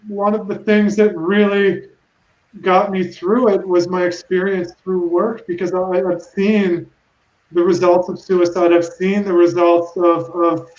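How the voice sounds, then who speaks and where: A woman in her thirties gives personal testimony over a video call, halting and emotional and restarting her sentences often. The room sounds echoey and the audio is dull and muffled. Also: fairly low pitch, a little mellow. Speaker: panelist.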